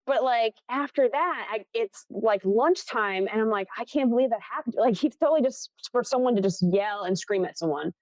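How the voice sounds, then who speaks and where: A woman's voice: fairly high pitch, expressive, moderate pace, hardly any pauses, no echo. A young woman from Buffalo, New York, a film assistant director, telling a story in a casual interview. She acts out the people she quotes and laughs often.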